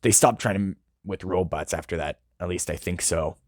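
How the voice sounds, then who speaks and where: A man voicing a gruff male wolf-like robot who speaks in a sad, subdued way. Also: low-pitched, a little fast, no room sound, studio quality.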